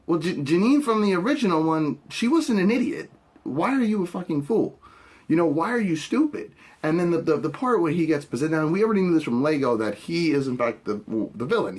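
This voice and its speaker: A man's voice: fairly high pitch, a little mellow, slightly rough. A man hosting a podcast, giving a blunt, opinionated reaction with casual swearing. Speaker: podcast host.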